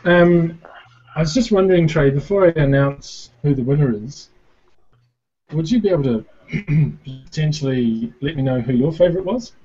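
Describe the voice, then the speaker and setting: Husky man announcing on a call. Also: a little high, expressive, moderate pace, mellow, dull audio. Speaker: co-host. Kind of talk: casual video call chat.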